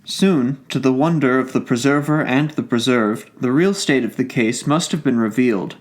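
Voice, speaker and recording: A man narrates a classic story at a medium pitch, measured and formal. His reading is steady and literary, with no strong coloring. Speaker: audiobook narrator.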